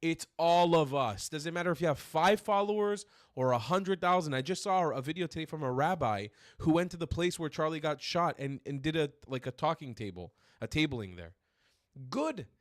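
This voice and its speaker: A man's voice: on the high side, animated, moderate pace, no room sound, clean studio sound. A man hosting a political commentary stream, ranting in furious, profane outbursts. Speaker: streamer host.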